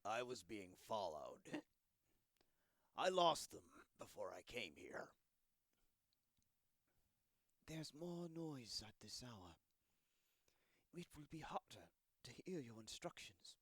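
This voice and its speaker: A man's voice: medium pitch, sing-song, slow, fairly bright tone, no echo, studio quality, full character voice. A man playing Jaeger, a blunt, impatient young operative who speaks curtly. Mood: wary. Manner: curt, impatient.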